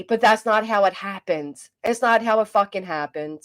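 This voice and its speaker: A woman's voice: mid-range voice, normal speed, few pauses, fairly bright tone. A woman hosting a commentary livestream, venting in an exasperated, rambling way with frequent restarts and reading chat aloud. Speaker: commentary channel host.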